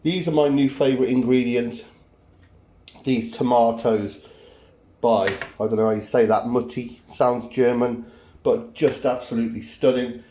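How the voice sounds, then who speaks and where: Slow, chatty cooking host. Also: male voice, medium pitch, steady tone, mellow, slight background noise. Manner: jokey, chatty, self-mocking. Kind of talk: cooking demonstration.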